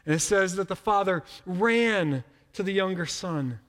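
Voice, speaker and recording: A middle-aged man preaching a sermon in a relaxed, conversational way, often repeating a word as he starts a sentence. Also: high voice, a little slow, long reverb tail. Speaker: pastor.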